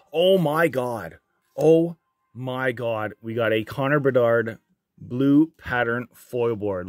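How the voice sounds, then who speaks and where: A man opening trading card packs on his channel, reading out each card and getting loudly excited and swearing at the big pulls. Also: mid-range voice, no echo. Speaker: card breaker. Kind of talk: casual card-opening vlog.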